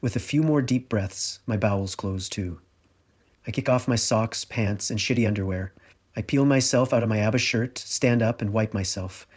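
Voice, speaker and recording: A middle-aged man reads his own memoir in a low voice. His telling is wry and confessional, measured and unhurried. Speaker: author reading his memoir. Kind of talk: audiobook narration.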